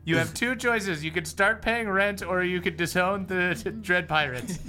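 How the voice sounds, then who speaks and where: A man's voice: sits high, measured pace, pushed and bright. A young man playing in a tabletop game, joking and bantering casually. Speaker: player. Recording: faint background music.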